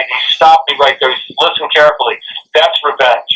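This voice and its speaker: A man's voice: fairly high pitch, fairly quick, recorded from a distance, low-quality recording. A man, a guest author and speaker, telling stories in an interview and acting out the dialogue. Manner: animated, acts out quoted dialogue. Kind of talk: interview storytelling.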